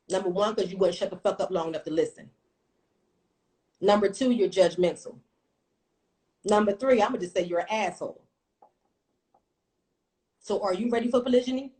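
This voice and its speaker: A woman in her thirties telling a personal story on a casual livestream, blunt and profane, with animated storytelling. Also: medium pitch, rough recording. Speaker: livestream host.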